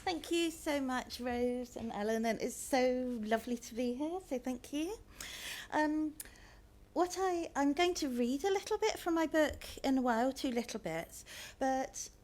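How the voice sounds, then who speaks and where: Una autora que da una charla con diapositivas, habladora y vacilante, con voz algo aguda. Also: female voice, sits high, a little mellow. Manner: chatty, hesitant with many ums. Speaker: author, guest speaker. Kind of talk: talk with slides.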